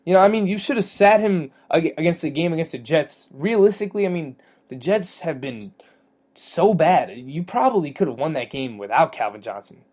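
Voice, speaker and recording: A man co-hosting a fantasy football podcast, chatting casually, rambling with fillers and quick to joke and laugh. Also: fairly high pitch, lively intonation, darkish tone, husky. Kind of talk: casual sports chat.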